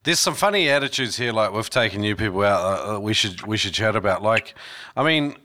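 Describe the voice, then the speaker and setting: A man's voice: fairly low pitch, expressive, brisk, sharp tone. A man hosting a casual chat, talking loosely and trailing off into restarts.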